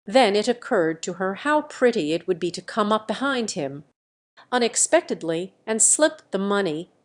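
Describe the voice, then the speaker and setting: Woman narrating an audiobook, middle pitch. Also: very animated, normal speed. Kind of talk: scripted narration.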